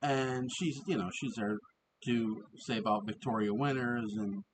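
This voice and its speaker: A man giving a casual, rambling review of an old TV episode. He often restarts, fills pauses and laughs as he talks. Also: medium pitch, a little hiss or hum, poor audio.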